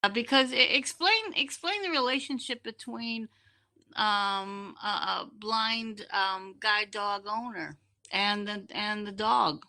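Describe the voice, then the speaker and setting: A woman's voice: mid-range voice, slow, bright, forceful tone. A woman hosting a casual podcast interview, chatty and restarting her questions as she goes. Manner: chatty, repeats words as she asks questions. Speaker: podcast host.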